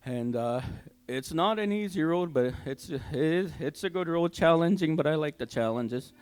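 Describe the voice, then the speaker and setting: An older man gives his personal testimony at a church service, telling it in a halting, heartfelt way with many fillers and restarts. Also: on the high side, expressive, darkish tone, clean tone. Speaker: church member giving testimony. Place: community hall church service.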